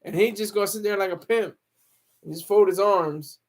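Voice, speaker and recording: A man with a high voice hosts a loose, joking livestream from home. He laughs often and answers viewer comments as they come in. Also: normal speed. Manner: joking, laughs often, reads chat aloud. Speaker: livestream host.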